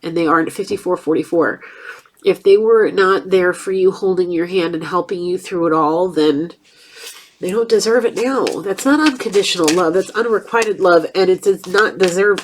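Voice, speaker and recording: A woman's voice: fairly low pitch, normal speed. A woman giving a casual tarot reading, chatty and blunt, with a stuffed-up nose. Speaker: tarot reader.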